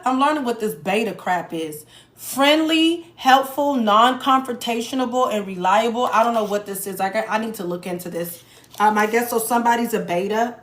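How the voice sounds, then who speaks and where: A woman giving a casual tarot reading to her viewers, blunt and profane, with joking asides. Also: medium pitch. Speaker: tarot reader. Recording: echoey room with faint noise.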